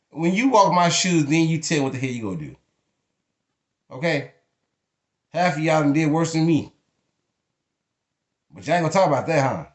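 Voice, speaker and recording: A man's voice: a little high, big pitch swings, normal speed, pauses often. Blunt, cursing man venting. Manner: blunt, emphatic, cursing freely. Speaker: vlogger. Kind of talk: emotional venting monologue. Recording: echoey room.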